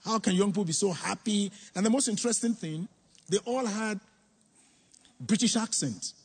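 A middle-aged church member gives his personal testimony to a congregation in a high, animated voice with a breathy edge, at normal speed. He's earnest and reflective, repeating words for emphasis.

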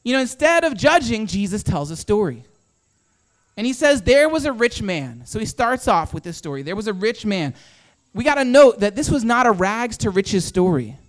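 A pastor delivers a conversational sermon in a high-pitched voice with big pitch swings, at a moderate pace and with no echo. He asks many rhetorical questions and acts out quotes, voicing people's inner thoughts.

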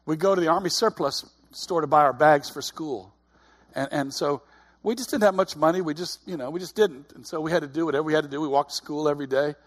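A middle-aged man delivers a sermon in an earnest, chatty way. His voice sits a little high with a husky edge. He often restarts and repeats his words. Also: quick pace. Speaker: preacher.

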